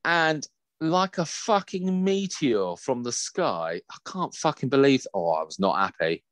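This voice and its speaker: A man telling a sweary, animated story in casual chat. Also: medium pitch, measured pace, no room sound, studio quality. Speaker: podcast co-host.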